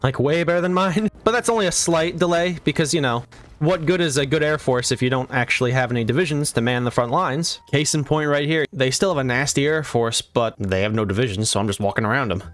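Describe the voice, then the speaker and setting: A young man talks quickly through a strategy game playthrough, firing off sarcastic, irreverent jokes as he goes. His pitch sits around the middle for a man, and faint music plays underneath his voice. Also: fairly bright tone. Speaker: gaming video creator.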